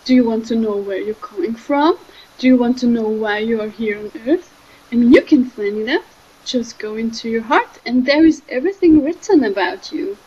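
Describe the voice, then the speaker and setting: A young woman, giving a gentle, halting spiritual talk that often trails off softly. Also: on the high side, expressive, breathy edge, muffled recording. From Switzerland. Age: 20s. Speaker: spiritual speaker.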